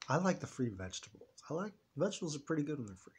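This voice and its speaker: Husky man in his fifties, lively storytelling. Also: on the high side, quick pace, few pauses. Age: 50s. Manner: emotional, rambling, talks to himself in quoted voices. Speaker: vlogger. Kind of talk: personal storytelling vlog.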